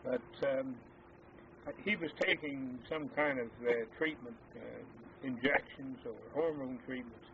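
An older man, an army veteran, recalling his service days in a halting, hesitant way full of fillers. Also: medium pitch. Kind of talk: oral history reminiscence. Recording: tinny phone-like lo-fi with faint hiss.

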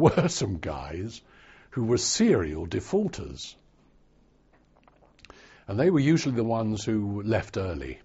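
Slow, gravelly older man reminiscing. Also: on the low side, dark tone, dull audio. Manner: slow, wry storytelling. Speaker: interviewee. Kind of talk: oral history recollection.

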